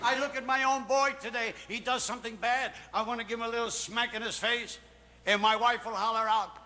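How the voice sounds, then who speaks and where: A man's voice: very high-pitched, fairly even intonation, brisk, in a large hall, over a noisy crowd, very noisy. A man doing a stand-up comedy routine, complaining his way through family anecdotes toward punchlines.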